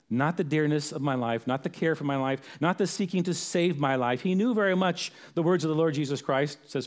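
A man preaching a sermon as a pastor, earnest, repeating phrases for emphasis. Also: mid-range voice.

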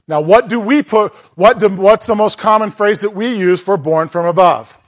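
A man's voice: high-pitched, normal speed. A man preaching a sermon in a church in a conversational way, asking the congregation questions and making asides. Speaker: pastor.

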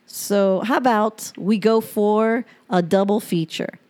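Woman with a dark, mellow voice. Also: mid-range voice, takes it slowly, faint music behind. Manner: frank and emotional, with swearing. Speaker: podcast host reading her journal aloud. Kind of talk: reading personal diary entries aloud.

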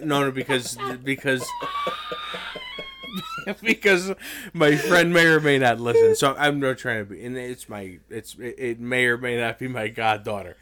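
A man's voice: mid-range voice, moderate pace, crowd noise. A man, podcast co-host telling a rambling story in casual chat, stammering and swearing a lot.

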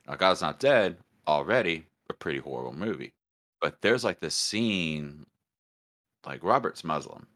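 A low-voiced man co-hosting a casual podcast, riffing playfully and joking through his stories. His tone is forceful and bright, with a deep pitch that carries. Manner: joking, riffing on silly bits. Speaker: podcast co-host. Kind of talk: casual comedic chat.

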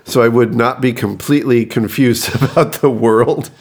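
A man's voice: medium pitch, steady tone, normal speed, a little mellow, breathy edge. A man co-hosting a podcast in casual chat, curious and asking questions, laughing easily. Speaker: podcast co-host.

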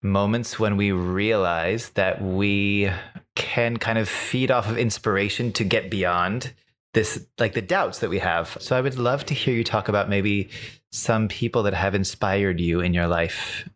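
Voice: low voice, measured pace, fairly bright tone. An interviewer asking reflective questions and encouraging the guest, laughing along.

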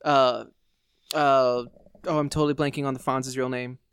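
A man's voice: medium pitch, little pitch movement, normal speed, a bit bright, clean tone, no room sound. A man co-hosting a casual podcast, rambling with many filler words. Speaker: podcast co-host. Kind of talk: casual chat.

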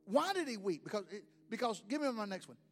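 A man preaching a sermon as pastor, swinging between shouted lines and hushed, whispered prayers. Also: high voice, big pitch swings, fast. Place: church sanctuary. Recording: long hall reverb with faint music.

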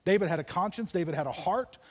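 A man's voice: high voice, animated. Man preaching in an echoing church hall. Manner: storytelling, dramatic pauses, drops to near whispers. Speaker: pastor. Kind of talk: sermon. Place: church auditorium.

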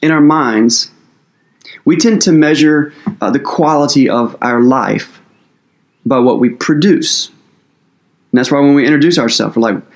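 A man's voice: medium pitch, a little slow, pauses often. A man preaching as pastor in a conversational sermon, earnest and casual, with loose phrasing and plenty of fillers.

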